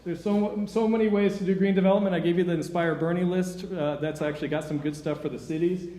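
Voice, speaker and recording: A man's voice: sits high, fairly even intonation, quick pace, dark tone. A man giving an informal, encouraging talk at a conservation workshop, often breaking off and restarting his sentences. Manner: informal, self-interrupting, encouraging. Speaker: workshop speaker. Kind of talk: conference talk. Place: lecture room. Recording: echoey room with faint noise.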